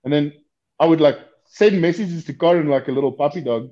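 Male podcast guest, fairly high voice, joking and swearing, lo-fi call line. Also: a little fast, warm tone. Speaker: guest knifemaker. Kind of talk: casual banter on a podcast. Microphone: video call. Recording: dull lo-fi call audio.

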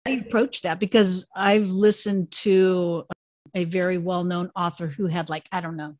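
A woman's voice: on the low side, steady tone, normal speed, a little mellow, no echo. A woman co-hosting a podcast, speaking frankly and giving blunt opinions in casual talk. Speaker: podcast co-host.

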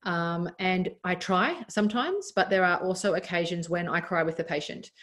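A woman's voice: fairly low pitch, normal speed, fairly bright tone. An Australian woman in her thirties, a doctor and former athlete, talking candidly as a podcast guest with frequent laughs and restarts. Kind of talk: casual interview chat.

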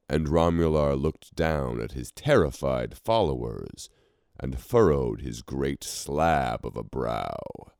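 A man narrating a fantasy story in a measured, expressive reading. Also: rumbling low, creaky, no echo, clean studio sound.

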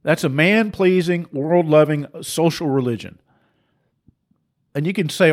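Middle-aged guy ranting, preachy and forceful, mocks folks in little voices, kinda high-pitched. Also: a little slow, long pauses. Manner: forceful, preachy, laughing asides, mocking voices. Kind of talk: impassioned monologue.

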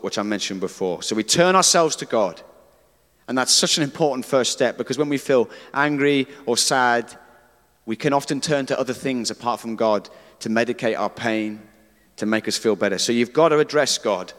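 A man's voice: medium pitch, fairly bright tone. A man preaching a conversational sermon, earnest, who reads scripture aloud. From Britain. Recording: reverberant hall.

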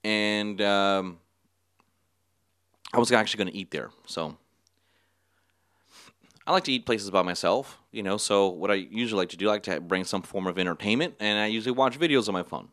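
A man's voice: lowish voice, normal speed, long pauses, a bit bright, dry recording, studio quality. A young man hosting a casual solo podcast, rambling through a story with frequent laughs and offhand swearing. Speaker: podcast host. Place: small studio.

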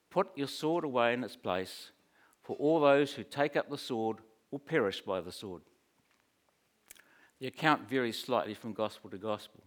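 A man preaching a sermon in a conversational, storytelling way, with humorous asides. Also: a little high.

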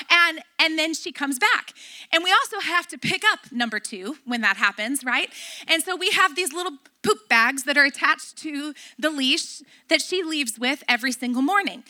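A woman pastor preaching a sermon, telling a family story and acting out the dialogue with lively energy. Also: sits high. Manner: animated storyteller, acts out dialogue.

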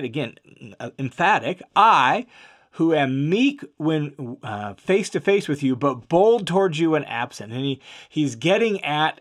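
A man giving an explanatory Bible lesson in a conversational, steady way, with frequent fillers and restarts and stress on key words. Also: mid-range voice. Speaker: Bible teacher.

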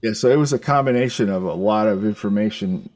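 An older man telling a story in casual chat, halting and rambling, with some swearing. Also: on the low side, darkish tone, no room sound.

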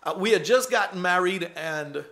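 A pastor in his thirties delivers a sermon in a fairly high, bright voice at a normal speed. His delivery is loose and conversational, repeating key lines for emphasis and laughing easily in between.

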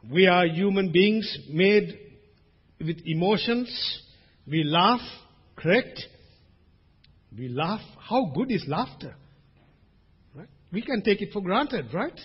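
A man preaching a sermon as pastor, swinging between loud emphasis and hushed asides. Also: high-pitched, expressive, slow, long pauses, husky. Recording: dull recording with long hall reverb.

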